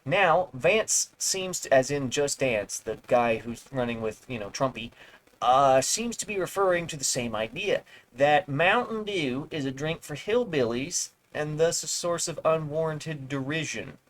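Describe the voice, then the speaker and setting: A man's voice: a little high, animated, measured pace, low-quality recording. A male streamer reading an article aloud with rambling, sarcastic asides. He swears now and then and trips over words as he reads. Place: home streaming setup.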